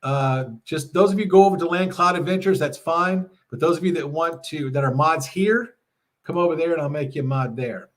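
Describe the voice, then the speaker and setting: A middle-aged man with a slightly high voice, talking a little fast, hosts a casual livestream from his home RV. He chats with viewers, reads their messages aloud, and laughs often.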